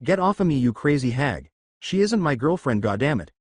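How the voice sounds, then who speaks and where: A man's voice: mid-range voice, very animated, brisk, darkish tone, no room sound. A man voicing a brash, angry teenage boy who snarls and curses. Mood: shouting. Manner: snarling, cursing.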